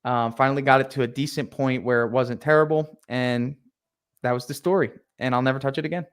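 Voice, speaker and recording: Young male podcast guest, lively storyteller, acts out his own lines. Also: medium pitch, brisk, smooth. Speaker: podcast guest, painting contractor. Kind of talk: casual storytelling.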